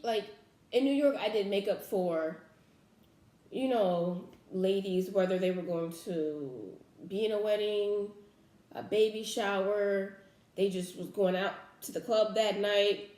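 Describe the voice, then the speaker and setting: A woman's voice: mid-range voice, fairly even intonation, slow, darkish tone, roomy sound. A young woman vlogger telling a personal faith story in casual talk, earnest and emotional, full of fillers and restarts.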